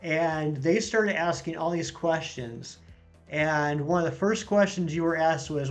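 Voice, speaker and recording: Chatty man with a higher voice. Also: measured pace, soft background music. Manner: chatty, reads viewer comments aloud and banters. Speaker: streamer reading chat. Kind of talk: casual live-stream chat.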